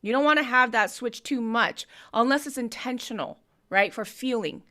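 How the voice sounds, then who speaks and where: A woman's voice: a little high, moderate pace, fairly bright tone. A woman hosting a live-stream music review, coaching an artist with technical notes on vocals and production. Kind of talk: live-stream feedback on submitted songs.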